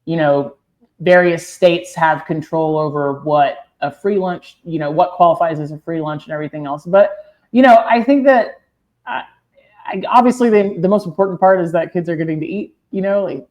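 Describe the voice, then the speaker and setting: A woman co-hosting a podcast in casual chat, talkative and quick to laugh, thinking aloud with plenty of fillers. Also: on the low side, a little mellow. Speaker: podcast co-host.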